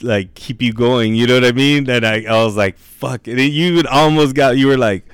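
A man's voice: medium pitch, a little fast, clean tone, no room sound. A young man co-hosting a podcast, teasing his friend in a profane, laughing way. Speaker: podcast co-host. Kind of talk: casual podcast banter.

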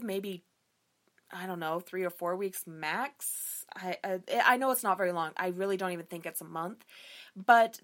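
A woman hosting a book review podcast, chatting casually and frankly with lots of fillers and swearing. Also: mid-range voice. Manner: candid, profane, animated, frequent fillers. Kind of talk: casual chat.

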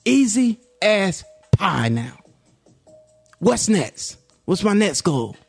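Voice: mid-range voice, sing-song, very slow, creaky, husky, soft background music. A commentary YouTuber talking in a casual, reflective vlog monologue, slangy and laid-back, dropping "yo" often and musing in a self-encouraging way.

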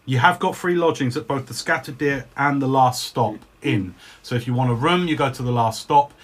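A man's voice: medium pitch, moderate pace. A man serving as game master for his children, narrating their tabletop adventure in a loose, joking way and laughing easily.

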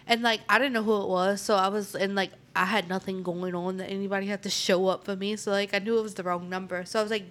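A woman's voice: medium pitch, quick pace. A young woman, a podcast host animatedly telling a funny story and acting out the texts. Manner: animated storyteller, acts out quoted texts, laughs often. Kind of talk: casual chat, storytelling.

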